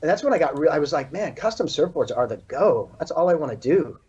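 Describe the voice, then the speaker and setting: This man, a California surfboard shaper, talks fast and loosely in an interview chat, sprinkling in "like" and "you know" constantly. His slightly high voice is expressive and darkish with a breathy edge, and the video call audio sounds dull and lo-fi.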